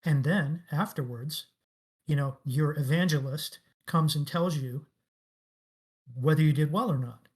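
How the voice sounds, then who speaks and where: A middle-aged game industry veteran appears as a guest in a casual interview, telling stories with enthusiasm and emphasis. His voice is a little high and his pace a little slow.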